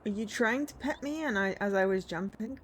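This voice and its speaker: A woman's voice: medium pitch, a little fast, slight background noise. A young woman streamer chatting casually to herself while she plays a video game. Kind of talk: casual gameplay commentary.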